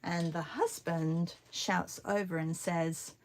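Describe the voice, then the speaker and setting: Slow-talking woman telling a rambling story. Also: mid-range voice. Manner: rambling chatty anecdote with many fillers. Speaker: art teacher and vlogger. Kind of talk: casual storytelling while painting.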